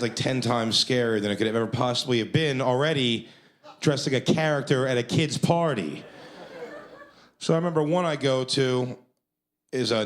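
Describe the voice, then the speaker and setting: A man's voice: medium pitch, a bit bright. A man doing stand-up, telling a story in a profane, self-deprecating way. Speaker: stand-up comedian.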